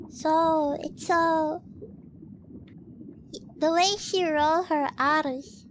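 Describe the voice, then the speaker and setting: Very high-voiced woman chatting slowly. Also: noisy background. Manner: rambling, many "like" fillers, frequent coughs. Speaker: streamer. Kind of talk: casual livestream chat.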